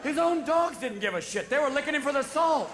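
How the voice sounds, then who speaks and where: A man doing stand-up comedy on a theater stage, talking rapid-fire and breaking into voices and shouted bursts. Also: very high-pitched, lively intonation. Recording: live theater recording with audience noise. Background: audience laughter and applause.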